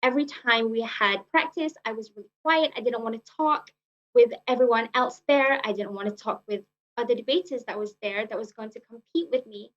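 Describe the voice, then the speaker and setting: A woman's voice: on the high side, fairly quick, a bit bright. A young woman giving a prepared personal speech at a speaking club, earnest, often repeating herself and using fillers. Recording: muffled lo-fi recording.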